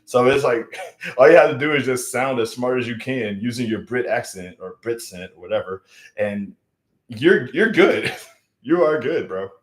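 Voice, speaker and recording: A man chatting casually on a live stream, rambling with many fillers and restarts. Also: mid-range voice. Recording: roomy echo.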